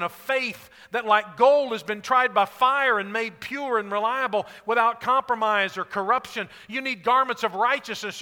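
A man preaching a sermon as a pastor, animated and acting out short dialogues. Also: very high voice, long reverb tail.

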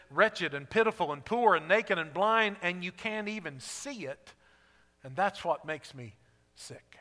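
A man preaching a sermon as a pastor, animated and acting out short dialogues. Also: on the high side, big-room sound.

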